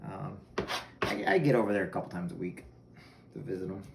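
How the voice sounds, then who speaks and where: A man's voice: low-pitched, brisk, gravelly, a little mellow. A man casually chatting to viewers while cooking corn in his kitchen, rambling and self-amused. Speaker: home cooking vlogger. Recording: echoey room with background noise.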